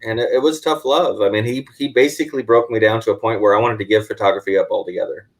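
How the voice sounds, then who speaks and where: A man's voice: on the low side, quick pace, low-quality recording. A man being interviewed about his photography work, telling stories and acting out what others said. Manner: animated storyteller, acts out quoted voices. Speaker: guest photographer. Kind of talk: casual storytelling interview.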